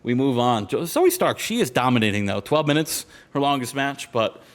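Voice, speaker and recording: An excitable man chatting casually over a wrestling management game. His pitch sits at a mid, everyday level. He laughs often and trails off mid-sentence, and he sounds a bit out of breath. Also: normal speed. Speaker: co-host of a wrestling sim series. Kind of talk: casual gaming commentary chat.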